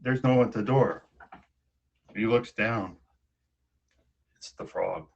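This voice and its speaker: Male storyteller, casual told tale; husky, slow, halting, repeats words; dull recording. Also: on the low side.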